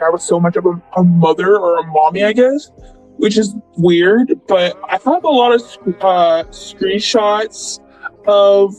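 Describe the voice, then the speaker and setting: A man's voice: high-pitched, a little mellow, low-quality recording. A young man in casual storytelling, rambling and filling his talk with "like" and "blah, blah.". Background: faint background music.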